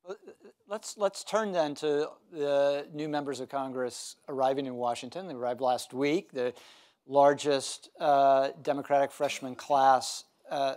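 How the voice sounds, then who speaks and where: A man moderating a panel, moving things along with brisk questions. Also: mid-range voice, darkish tone. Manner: brisk questions and short acknowledgments. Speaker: moderator professor.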